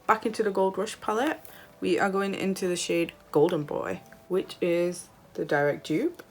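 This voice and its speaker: A woman doing a makeup tutorial, gushing and excitable as she tries eyeshadow shades. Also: fairly low pitch, moderate pace, slight background noise. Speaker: beauty vlogger.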